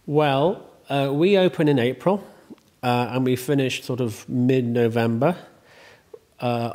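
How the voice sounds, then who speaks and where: A man's voice: mid-range voice, darkish tone. A man, the host, talking casually in an interview, rambling and chatty with many ums and restarts. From Ireland. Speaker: host and estate owner.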